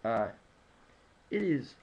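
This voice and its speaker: A man's voice: medium pitch, big pitch swings, very slow, lo-fi sound. Guy reading off food stats, lots of ums and uhs, kinda rambly, faint hiss in the room. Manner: rambling, many fillers and restarts, self-deprecating asides. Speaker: nutrition presenter. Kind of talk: casual informal lecture. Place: home room at sunrise.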